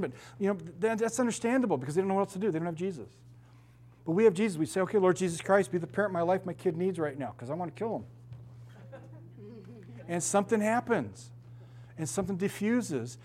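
A middle-aged male pastor with a high, somewhat mellow voice delivers a sermon full of animated stories. He frequently laughs and voices the people in his tales himself.

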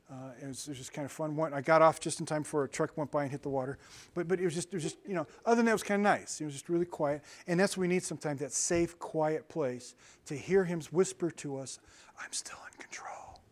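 A male pastor gives a sermon in a loose, conversational way, his voice rising with energy. He sits a little higher in pitch than most men. The delivery is animated, with bursts of loudness.

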